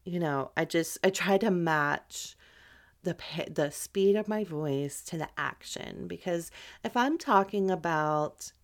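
A woman's voice: fairly low pitch, expressive, slow pace. A woman hosting a podcast, chatting in a candid, loose way with plenty of fillers. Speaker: podcast host. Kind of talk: casual chat.

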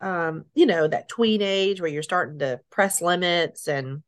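A middle-aged woman being interviewed, telling her story haltingly, with restarts, soft laughs and sighs. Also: on the low side. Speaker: interview guest.

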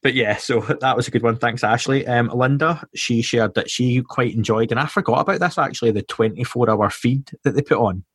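A man's voice: medium pitch, brisk, hardly any pauses, fairly bright tone, breathy edge, dry recording, clean studio sound. A Scottish man hosting a podcast in casual chat, reading out listener comments and joking about them. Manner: chatty, reads out listener comments with jokes. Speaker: podcast host.

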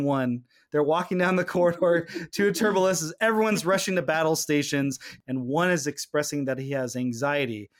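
Male podcast host, slightly high voice, casual chat, acts out scenes as he recaps. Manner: animated retelling of scenes, quoting characters.

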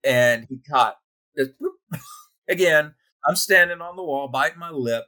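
Speaking slowly in a fairly high voice, a male nurse shares humorous work tales in a relaxed conversation. He laughs his way through lively anecdotes.

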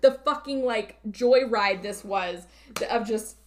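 A woman on a podcast casually recapping a movie, animated and swearing freely. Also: a little high, a little slow, slight background noise. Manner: animated, profane storyteller. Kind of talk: casual chat.

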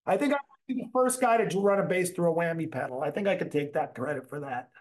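A man with a high voice trades stories in a relaxed conversation. He talks in loose, animated bursts and swears freely as he rambles through his anecdotes. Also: fast. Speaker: musician guest, bass player. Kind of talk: casual storytelling chat.

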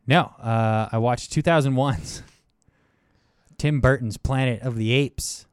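An excitable young man co-hosting a film podcast, his voice leaping from low mumbles to high, eager bursts. The sound is close and dry, with no room around it. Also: takes it slowly, clean tone, dry recording. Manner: enthusiastic, animated, swings between mumbled asides and excited bursts. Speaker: podcast co-host. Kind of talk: casual film review chat.

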